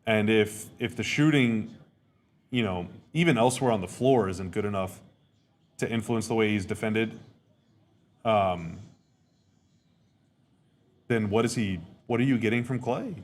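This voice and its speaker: A man's voice: on the low side, measured pace, pauses often. A man hosting a podcast, giving casual live reactions to a game, rambling, repeating himself and stating blunt opinions. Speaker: podcast host.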